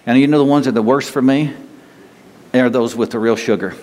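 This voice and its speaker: A man's voice: medium pitch, fairly even intonation, a little fast, darkish tone, long reverb tail. A man pastor preaching a sermon in an earnest, conversational way, often repeating and restarting his words.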